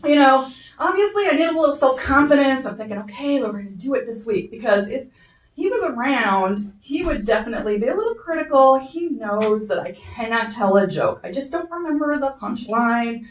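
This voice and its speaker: A middle-aged woman with a high voice working through a chatty stand-up set. She pokes fun at herself and swears casually. The sound is echoey, with her voice a little off from the mic. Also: animated, a little fast, far from the mic. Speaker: first-time stand-up comic. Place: comedy club stage.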